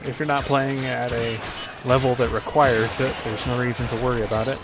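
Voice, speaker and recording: A man's voice: medium pitch, level tone, brisk, noisy background. A man hosting a casual gameplay commentary, rambling with lots of fillers. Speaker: gaming video host.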